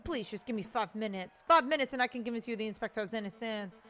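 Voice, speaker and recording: A woman's voice: a little high, fast talker, a bit bright, faint music behind, natural voice. Earnest falcon defense lawyer; woman voicing.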